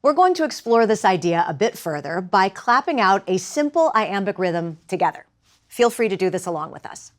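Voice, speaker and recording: Woman, acting teacher, measured lecture with demonstrations, faint background noise. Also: mid-range voice, big pitch swings.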